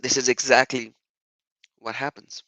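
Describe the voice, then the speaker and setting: Emphatic man with a bright, dry voice. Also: medium pitch, level tone, measured pace, no room sound, low-quality recording. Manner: emphatic, repetitive, rhetorical questions. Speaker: YouTuber responding to comments. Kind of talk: monologue commentary vlog.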